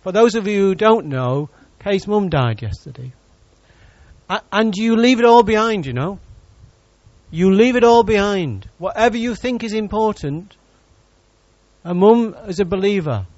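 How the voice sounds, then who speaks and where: Pastor preaching, high voice that jumps all over, kinda dull dry recording. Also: male voice, measured pace, no room sound. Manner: lively, teasing preacher who jokes with the congregation. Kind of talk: sermon.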